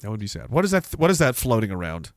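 A man's voice: on the low side, big pitch swings, rapid-fire, dry recording, studio quality. A man hosting a casual livestream podcast, rambling and sarcastic with mocking asides. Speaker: podcast host.

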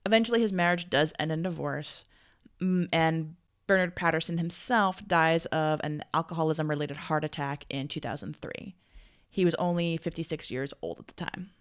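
A woman's voice: low voice, moderate pace, clear, resonant tone. A woman co-hosting a podcast, telling a crime story in a chatty way and saying "like" often. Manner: chatty, heavy use of "like". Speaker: podcast co-host. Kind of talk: casual true-crime storytelling chat.

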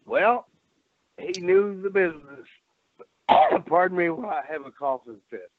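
An older man who used to be a pro wrestler calls in as a guest over a thin, phone-like line, and the recording is otherwise dry. His voice is high and sing-song, at a measured pace, as he rambles saltily from one story to the next and laughs at his own tales.

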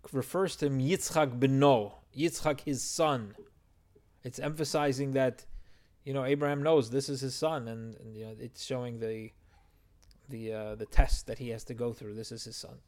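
A man's voice: mid-range voice, fairly even intonation, moderate pace, darkish tone. A man teaching a verse-by-verse Torah text study, explaining and translating Hebrew phrases as he goes.

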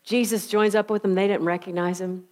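A woman's voice: medium pitch, steady tone, brisk. A woman preacher retelling scripture in a conversational, emphatic storytelling sermon.

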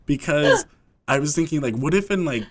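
A man's voice: on the high side, expressive, moderate pace. A young man co-hosting a podcast, telling a story in casual chat, rambling with lots of fillers and laughs. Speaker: podcast co-host.

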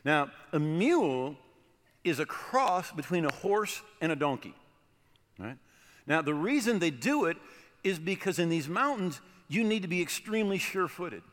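A middle-aged American man preaching, telling a personal story in an animated way and often checking in with "right?". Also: on the high side, normal speed. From United States. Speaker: pastor. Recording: long hall reverb.

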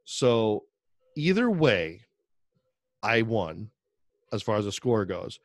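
Low-voiced man rambling with laughs. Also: very animated, slow, no room sound, studio quality. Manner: laughs often, rambling storytelling. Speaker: podcast co-host. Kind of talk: casual chat.

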